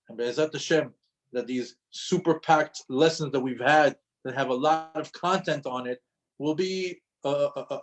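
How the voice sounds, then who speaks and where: A man teaches a class with an emphatic, lively delivery, his voice sitting a little high for a man. He repeats key phrases for weight. When he tells a story, he acts out the quoted lines. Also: poor audio. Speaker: religious teacher. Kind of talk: lecture to an audience.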